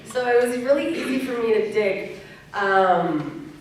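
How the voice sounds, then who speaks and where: A woman's voice: fairly high pitch, expressive, a little slow, slight background noise. Canadian woman in a very echoey hall. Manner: candid, laughs easily, playful. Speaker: convention panel guest actor. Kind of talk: convention Q&A answers. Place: large convention hall. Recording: very echoey hall, distant mic.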